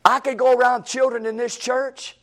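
High-voiced preacher, emphatic. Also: male voice, flat delivery, moderate pace. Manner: repetitive, emphatic preaching cadence. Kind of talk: sermon. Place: church.

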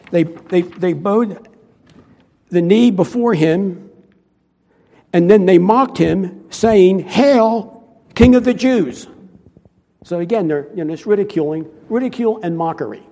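A man's voice: sits high, mellow, long reverb tail. A male preacher giving a conversational sermon, asking his listeners questions as he goes.

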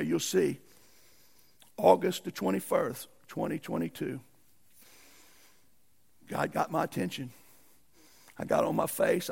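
A man preaches a sermon in a folksy storytelling way, breaking into emphatic bursts. His voice sits high for a man and is deeply gravelly, with a husky, rough edge. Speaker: pastor.

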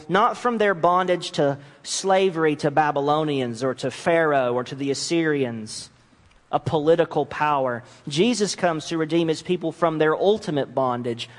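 A man's voice: fairly high pitch, big-room sound. A man preaching a sermon and acting out the voices of the scriptures he reads. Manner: animated, acts out voices of mocking nations and God.

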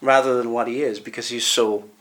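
A man with a Northern Irish accent preaching a sermon in an earnest, emphatic way, slowing down to stress key words. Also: mid-range voice, steady tone, fairly bright tone.

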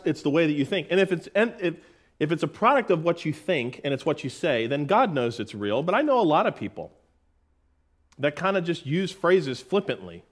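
A middle-aged man preaching a sermon in a folksy way, calling listeners "folks" and reading scripture slowly and with emphasis. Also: sits high. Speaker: pastor.

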